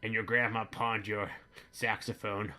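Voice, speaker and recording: A man's voice: lowish voice, little pitch movement, measured pace. A man playing a boorish, bigoted middle-aged dad who rambles crudely through a comedic monologue. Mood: blustering. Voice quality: bright-toned, rambling, crude. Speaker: comedy vlogger in character.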